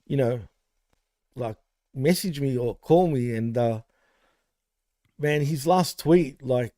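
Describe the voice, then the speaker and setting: A man's voice: mid-range voice, slow, dark tone, dry recording. A man co-hosting a wrestling podcast, paying a rambling, heartfelt tribute to a late friend, full of fillers. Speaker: podcast co-host.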